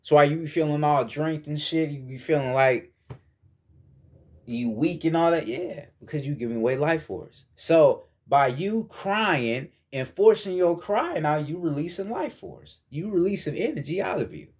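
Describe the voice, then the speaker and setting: A man's voice: a little high, normal speed, slightly rough. A young man giving a casual spoken lesson on meditation, blunt, profane and preachy, often repeating words as he searches for phrasing. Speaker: spiritual teacher.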